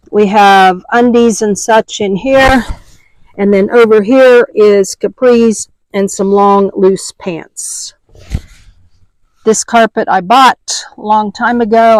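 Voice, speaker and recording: Slow-talking older woman vlogger. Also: mid-range voice, darkish tone, no echo, low-quality recording. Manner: chatty, homey, lists items one by one. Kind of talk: casual show-and-tell tour. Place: inside a parked car.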